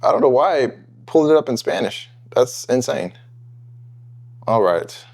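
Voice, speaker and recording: A man's voice: medium pitch, animated, moderate pace, vocal fry, darkish tone. A man hosting his own review channel, talking casually and thinking aloud with fillers and self-corrections. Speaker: fragrance reviewer, channel host. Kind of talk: casual unscripted review vlog.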